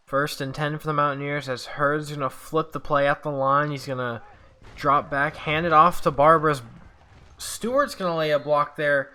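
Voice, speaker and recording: A man narrates his own football video game in casual play-by-play, like a sportscaster. His voice is bright and forceful, at an ordinary male pitch. He often breaks off to vent his frustration with sighs. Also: fairly even intonation, a little fast.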